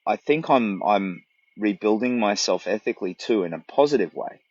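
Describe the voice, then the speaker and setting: A man's voice: fairly low pitch, expressive, moderate pace, a little mellow, muffled recording. A middle-aged man with an Australian accent, chatting earnestly and rambling on a livestream from a tent in the bush. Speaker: walking vlogger. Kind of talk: casual livestream chat. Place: tent in dense bush outdoors. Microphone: phone livestream.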